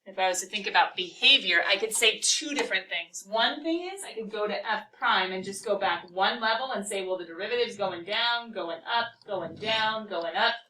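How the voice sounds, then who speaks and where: A woman teaching a calculus class, talking through a problem and firing quick questions at her students. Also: mid-range voice, bright, forceful tone, recorded from a distance, poor audio. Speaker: math teacher.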